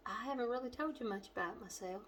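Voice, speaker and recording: A middle-aged woman with a western Kentucky accent, hosting a home cooking demonstration in her kitchen and chatting warmly to the viewer. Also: on the high side, fast, slight background noise. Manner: homey and chatty, talking straight to the viewer. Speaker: cooking show host.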